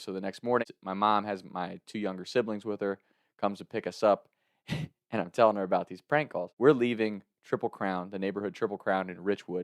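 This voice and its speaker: A young man from Kentucky with a low voice tells a prank-call story in an animated way. He often breaks into laughter mid-sentence. The sound is dry and close to the mic. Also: no room sound. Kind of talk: comic storytelling.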